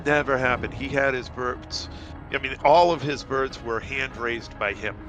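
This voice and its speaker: A man's voice: medium pitch, unhurried, fairly bright tone, faint music behind. A man chatting casually on a headset in a group voice chat, rambling with many fillers, a little tipsy and half asleep.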